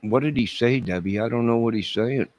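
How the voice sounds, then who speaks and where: A man's voice: medium pitch, fairly quick, darkish tone, low-quality recording. A man hosting a YouTube live stream, answering viewer comments in a rambling, crude and mocking way. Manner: combative, crude, mocking and sarcastic.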